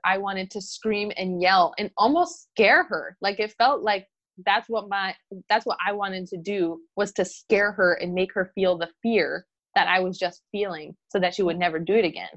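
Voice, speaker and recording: A woman speaking in a relaxed conversation, telling a story with lively, animated delivery. She slips into the voices of the people she quotes. The recording sounds somewhat dull and lo-fi. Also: mid-range voice, moderate pace. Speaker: mother of a toddler. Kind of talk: casual podcast conversation.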